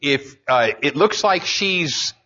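Man, pastor, sermon, bright tone, slightly high voice, muffled lo-fi sound. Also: slow pace. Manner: animated, conversational preaching, repeats lines for emphasis.

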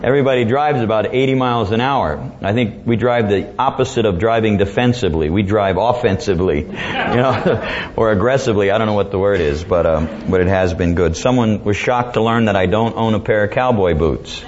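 A man preaching a folksy sermon, relaxed and chuckling, with many fillers, recorded in a church. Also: fairly low pitch, fairly quick, few pauses. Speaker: pastor. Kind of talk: folksy sermon with joke-telling. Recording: dull lo-fi church recording, faint ambience.

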